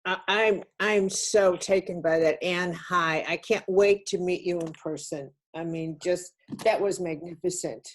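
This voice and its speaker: A woman telling a personal story on a webinar, earnest and halting, often restarting her sentences. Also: lowish voice, fairly even intonation. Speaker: webinar speaker.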